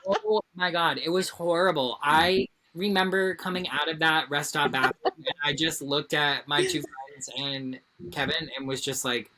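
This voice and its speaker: A woman co-hosting a podcast, telling a story in casual chat, animated and swearing freely. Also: deep voice, moderate pace, hardly any pauses. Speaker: podcast co-host.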